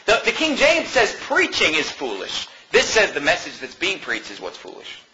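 An American pastor preaching a sermon in an animated, mocking way, laughing often. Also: male voice, on the high side, normal speed, muffled recording, a little hiss or hum.

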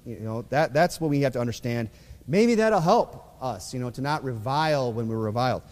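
A man's voice: mid-range voice, a little mellow. A man preaching a sermon in a loose, conversational way, with frequent fillers, and reading scripture aloud. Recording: long reverb of a church hall.

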